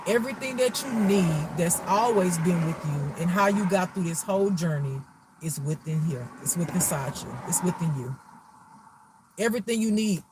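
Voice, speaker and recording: A man's voice: high voice, background noise. A man giving a casual spiritual reading, preachy and profane, repeating phrases for emphasis. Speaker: spiritual reader.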